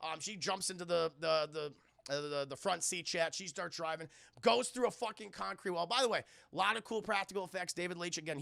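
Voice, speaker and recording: A man riffing through a film on a live stream, rambling, swearing and joking straight to his chat. His voice sits high and bright with a heavy gravelly fry, and the sound is close and dry on a desk mic. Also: no echo. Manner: rambling, profane, jokey, keeps addressing chat. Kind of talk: casual live-stream commentary.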